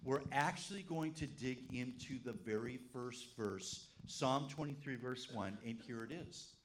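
A man's voice: medium pitch, measured pace, slight background noise. A man, a pastor, preaching a sermon to his congregation, telling stories and asking the room questions. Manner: animated storytelling, asks the congregation questions. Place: church service.

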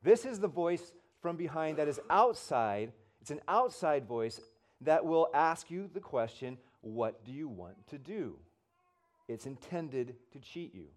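A man preaching a sermon as pastor, telling stories conversationally and swinging from loud and emphatic to soft and hushed. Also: a little high, expressive, unhurried. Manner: conversational storytelling, swells loud then drops soft.

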